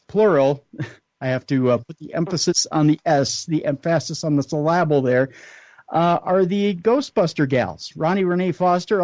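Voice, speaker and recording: A man in the host's chair of a late-night radio show talks at an everyday pitch, earnest and unscripted. He often pauses mid-sentence to find his words. The sound is dry and close, with dull lo-fi radio audio. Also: a little mellow, no room sound. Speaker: radio talk show host.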